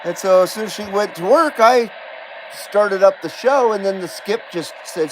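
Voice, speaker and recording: Brief: relaxed male radio host at home, high voice, slow talker, faint hiss. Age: adult. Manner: laid-back, chummy, swears freely. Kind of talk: casual livestream chat.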